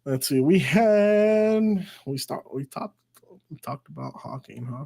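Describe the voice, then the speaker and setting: A man's voice: on the high side, animated, slow, creaky, warm tone. Profane, rambling man telling a story. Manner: profane and rambling, with frequent swearing and restarts; self-mocking, laughs at his own story. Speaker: live stream host. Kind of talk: casual storytelling to a live chat.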